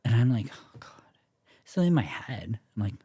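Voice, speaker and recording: A man's voice: mid-range voice, very animated, a little fast, dark tone, breathy edge, no room sound, clean studio sound. A young Canadian man, a podcast guest, telling a story in casual chat, acting out quoted voices and swearing freely.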